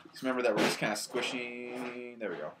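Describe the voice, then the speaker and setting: A school band director teaches a band lesson from home, explaining the music upbeatly in a mid-range voice at a fairly quick pace. He counts aloud to the players and calls out over the drums.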